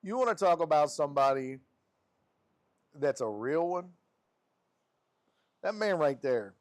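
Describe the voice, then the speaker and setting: Animated male streamer reading viewer messages. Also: unhurried. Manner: animated and affectionate, with frequent laughs and pitch jumps. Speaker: sports streamer and host.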